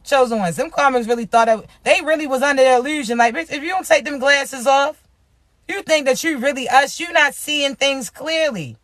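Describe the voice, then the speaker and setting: Raspy woman, tarot reader; loud, profane, preachy hype to camera, dry close sound. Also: high-pitched, normal speed, dry recording. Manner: profane, emphatic, hyped-up preaching. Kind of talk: casual spiritual reading to camera.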